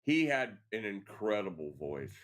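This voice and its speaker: A man hosting a casual after-show chat, telling stories in a lively way and swearing freely. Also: on the low side, measured pace. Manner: animated storyteller, swears freely. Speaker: show host.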